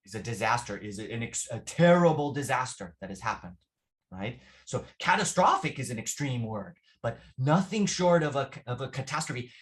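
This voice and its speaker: A man teaches English vocabulary in a classroom lesson, patiently repeating phrases and often checking in with "right?". His mid-range voice is animated, at a moderate pace.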